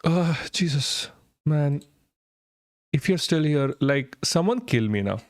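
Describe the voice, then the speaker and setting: A hoarse, sick man, ranting in frustration during a live stream, swearing heavily and slipping into Hindi. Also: on the high side, animated, slow pace, dry recording, clean studio sound.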